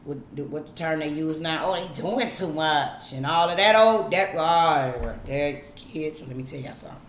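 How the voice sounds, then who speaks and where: Speaking right to the camera, a middle-aged female vlogger drawls out blunt, preachy advice and curses without restraint. Her deep voice comes at a moderate pace in a reverberant space, with a little hiss or hum behind it.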